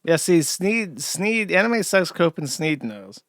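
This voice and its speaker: A male streamer comments on clips in a crude, sardonic way. His voice sits a little high, and the sound is dry and close, with no room echo. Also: big pitch swings, slow pace, fairly bright tone. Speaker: streamer host. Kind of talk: casual commentary.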